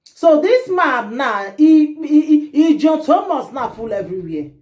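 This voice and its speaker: A woman's voice: high-pitched, unhurried. Indignant Nigerian Pidgin woman vlogger. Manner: animated, indignant, addresses viewers. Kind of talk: gossip storytelling vlog. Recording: roomy echo.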